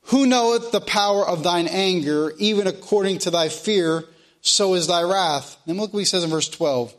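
A man, a pastor, preaching a sermon and leading prayer in slow, emphatic phrases, sometimes repeating himself. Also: sits high.

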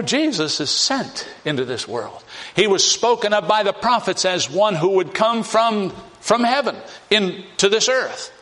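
Slow, lively-voiced male preacher. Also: high voice. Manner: emphatic, repetitive, acts out scripture scenes. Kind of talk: expository sermon.

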